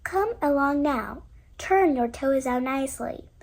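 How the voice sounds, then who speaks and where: A woman voicing a fussy, protective mother duck in a storybook reading, brisk and scolding. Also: high voice, expressive, gravelly, full character voice. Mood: urging.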